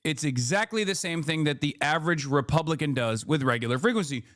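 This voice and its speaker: A man's voice: on the high side, lively intonation, brisk, fairly bright tone, no room sound, clean studio sound. A man streaming live, reacting to an interview clip with sarcastic, ranting commentary.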